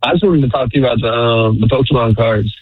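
A male caller on a tinny phone line, his voice a little husky and completely dry. He talks hesitantly and keeps stopping to search for words. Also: mid-range voice, dry recording. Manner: hesitant, halting with ums. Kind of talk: call-in conversation.

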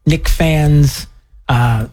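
A man from New York hosting a radio talk show, chatting casually and teasing his co-host in a playful, animated way. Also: fairly high pitch, drawn-out words.

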